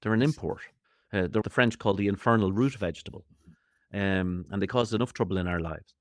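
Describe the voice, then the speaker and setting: Fast-talking Irish man, jokey and rambling. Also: on the low side, dry recording, studio quality. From Ireland. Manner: jokey, rambling, playful asides; acts out quoted voices. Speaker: comedian guest. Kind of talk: animated interview chat.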